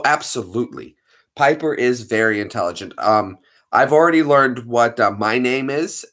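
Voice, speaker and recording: A man in a relaxed live-stream chat, talking straight to his viewers. His pitch jumps around a lot, and he sounds playful and chatty, with a mid-range voice.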